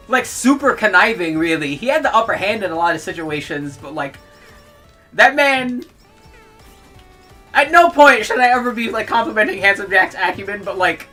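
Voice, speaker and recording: A young woman with a bright, forceful voice, pitched a little high, rants at a stream audience. She is heated and profane, and she laughs between outbursts. Faint music plays behind her. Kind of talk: ranting livestream commentary.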